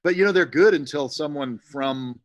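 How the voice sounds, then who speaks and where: A man's voice: on the high side, normal speed, highs cut off. Middle-aged man, podcast guest, loose jokey rambler who curses freely. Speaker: guest, special effects artist. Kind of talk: casual podcast interview.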